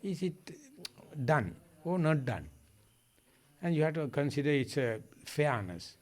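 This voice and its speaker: Emphatic Sri monk teaching. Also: male voice, a little high, big pitch swings, measured pace. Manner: emphatic, repetitive, plain-spoken. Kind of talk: dharma discussion answers.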